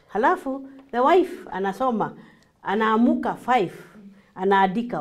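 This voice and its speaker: A woman with a Kenyan accent teaching a class as a marriage coach, acting out lively examples and slipping in Swahili. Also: medium pitch, moderate pace. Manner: animated, acts out examples, mixes in Swahili.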